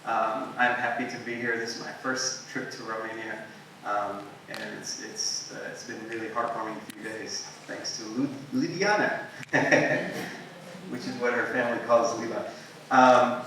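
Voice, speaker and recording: A man giving a relaxed, anecdotal keynote talk to an audience, telling stories with frequent ums and asides. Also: mid-range voice. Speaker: invited guest speaker. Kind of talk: conversational storytelling keynote talk. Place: large echoing university hall. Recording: echoey hall, distant mic, faint noise.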